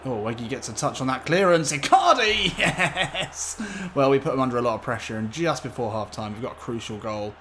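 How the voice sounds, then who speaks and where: A man's voice: medium pitch, fast, few pauses, slight background noise. Man commentating his football game. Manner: excitable commentary on his own play. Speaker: gaming YouTuber. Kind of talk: gameplay commentary.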